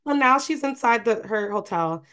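A woman's voice: on the high side, normal speed, smooth. A woman in her twenties, a podcast co-host, animatedly retelling a book's plot in casual chat. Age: 20s. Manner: animated, rambling retelling with lots of fillers.

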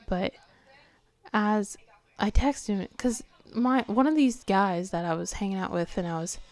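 Teen girl podcaster late at night, sleepy, hesitant, keeps slipping into a whisper, clean smooth voice. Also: medium pitch. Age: teens. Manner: hesitant, soft-spoken, often trailing into a whisper. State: tired, yawning. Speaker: podcast host. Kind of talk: confessional late-night monologue.

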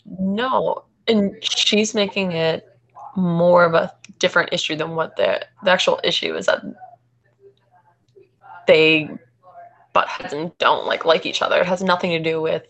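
A woman co-host with a gravelly, fry-laced voice pitched slightly low. She talks in long, conversational run-ons as she recounts what happened. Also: a little slow, a bit bright, rough recording. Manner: conversational, retelling with run-on sentences. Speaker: podcast co-host. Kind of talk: casual chat.

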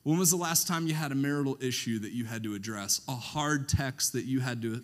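A man preaching a sermon, who often pauses so that the congregation can finish his sentences. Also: medium pitch. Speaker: pastor.

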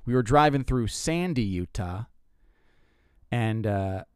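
A young man hosting a podcast, telling a comic story in a casual, animated way, stumbling and restarting often. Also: slow, clean tone, no room sound, studio quality. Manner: animated, self-interrupting, swears, jumps pitch for quoted lines. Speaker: comedian podcast host.

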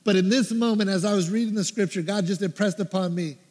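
A man's voice: high-pitched, quick pace, in a large hall. A man preaching a story-driven sermon, acting out his own prayers and the advice people gave him. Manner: animated, acts out his own prayers and quotes. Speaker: pastor.

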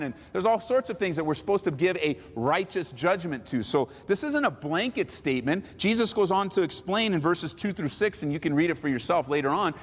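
A man preaching a sermon as a pastor, lively and acting out mocking voices of others. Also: high voice, long reverb tail.

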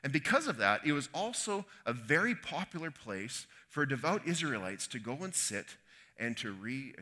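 A man's voice: mid-range voice, sharp tone. A man from Canada preaching a conversational sermon, retelling a Bible story with folksy asides and quoted voices. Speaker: pastor.

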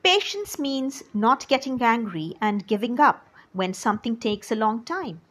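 The story is for children, and the woman reading it talks right to them with an expressive delivery. Her voice is fairly high and breathy, her pace slow, her intonation lively in its rises and falls.

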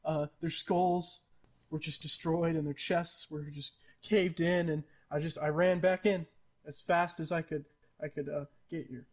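A man's voice: fairly high pitch, steady tone. A man voicing a frightened male trapper who pleads and stammers as he talks. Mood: shaken. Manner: stammering, rushed, swearing.

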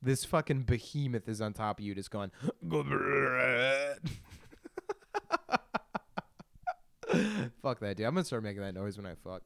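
Brief: young male podcast host, low voice, dry close sound, crude and giggly rambling. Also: quick pace, hardly any pauses, clean tone, dry recording. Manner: crude, laughing, self-deprecating storytelling. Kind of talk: rambling solo podcast monologue.

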